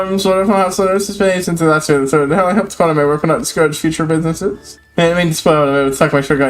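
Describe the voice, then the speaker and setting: Brief: foul-mouthed game streamer, slightly high voice, light music underneath. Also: male voice, expressive, fairly quick. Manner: swears freely, reads quest text aloud. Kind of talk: casual gameplay commentary.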